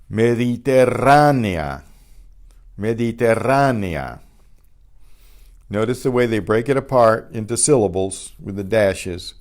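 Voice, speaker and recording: An older man teaching a beginners' Spanish class, patiently sounding out each word twice and explaining pronunciation in a relaxed way. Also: on the low side. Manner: patient, repeats each word slowly, trailing off quietly after explanations. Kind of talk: slow pronunciation lesson with repetition.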